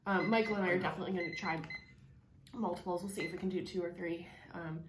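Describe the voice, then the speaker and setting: A woman's voice: on the low side, steady tone, fast talker. A woman in her thirties rambles through casual chat with plenty of fillers, her mouth burning and drooling from spicy food. She is recorded at home in an echoey room with a faint hiss behind her. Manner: chatty, rambling, with many fillers. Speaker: channel co-host.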